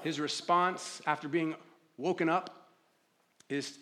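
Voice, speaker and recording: A man's voice: high voice, lively intonation, normal speed. A man preaching a sermon as a pastor, talking conversationally and acting out pleading prayers. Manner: conversational preaching, acts out pleading prayers, drops to quiet reflective tone.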